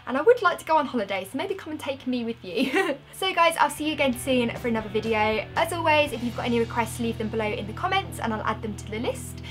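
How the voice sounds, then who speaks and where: Young woman vlogger, chatty product review, voice sits a touch high. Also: lively intonation, fast, fairly bright tone, faint music behind. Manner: chatty, upbeat, recommending. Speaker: beauty vlogger.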